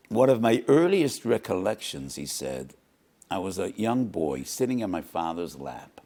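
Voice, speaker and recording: A man's voice: low voice, vocal fry, darkish tone. An older man, a rabbi, giving a Torah lecture with impassioned emphasis and repeated rhetorical questions.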